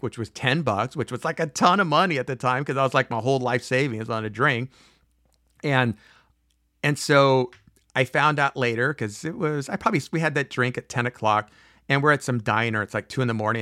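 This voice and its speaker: A man in his forties telling a personal story in a casual, animated way, acting out quoted voices, with frequent fillers and restarts. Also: medium pitch, no room sound, studio quality.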